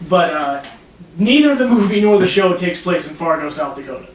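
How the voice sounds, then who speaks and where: High-voiced man chatting in an echoey room. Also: lively intonation, brisk. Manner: laughs often, swears, talks in loose restarts. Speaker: podcast co-host. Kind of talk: casual chat. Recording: echoey room, distant mic, faint noise.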